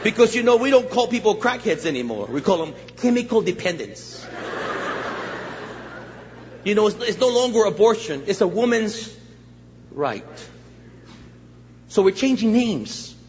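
An older male guest pastor preaching a sermon with jokes and stories, animated and laughing at his own lines. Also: high-pitched, unhurried, pauses often. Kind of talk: humorous storytelling sermon. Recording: echoey church hall, dull muffled sound, faint hiss.

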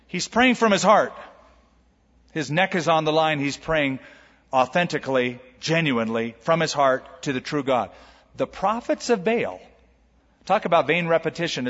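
A male pastor giving a sermon in an animated, emphatic and humorous way. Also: fairly high pitch. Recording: lo-fi with long hall reverb.

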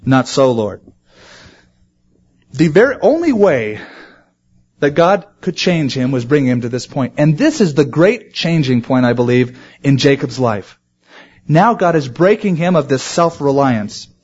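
A man preaching a sermon to his congregation, animated and acting out quoted voices. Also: on the high side, measured pace, breathy edge, lo-fi sound. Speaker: pastor.

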